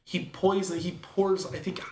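A man casually retelling a film's plot in a rambling, filler-heavy way, now and then slipping into quick quoted voices. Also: sits high, flat delivery, a little mellow. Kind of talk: casual chat recapping a film. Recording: echoey room.

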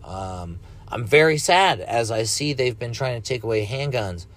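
This solo podcast features an American man in his thirties who rambles loosely and curses freely in a laid-back manner. His medium-pitched voice is animated and a bit bright, moving at normal speed.

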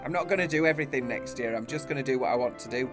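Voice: medium pitch, racing, over music. A podcast co-host speaking bluntly and wryly in casual chat. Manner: blunt, wry.

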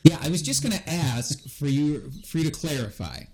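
A man's voice: a little high, big pitch swings, moderate pace, mellow. A young man hosting a casual podcast, teasing his co-host and laughing often as he asks questions.

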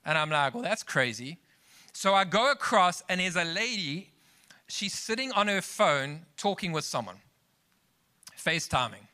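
This pastor has a high, expressive voice that is pushed, bright, clear and resonant, moving at a moderate pace. His emphatic sermon rises into exclamations and weaves scripture together with personal stories shared as asides to the congregation.

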